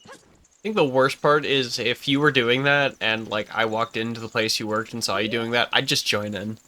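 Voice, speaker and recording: A man's voice: mid-range voice, fairly even intonation, moderate pace, sharp tone. A young man co-hosting a game playthrough, teasing his friend and laughing, often stumbling over his words. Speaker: let's play co-host. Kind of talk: casual gaming chat.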